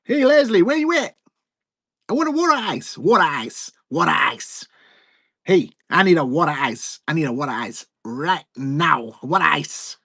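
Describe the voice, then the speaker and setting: A man putting on a shrill hollering woman. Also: lively intonation, unhurried, long pauses, no room sound, studio quality. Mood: demanding. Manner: shouty, sing-song calls.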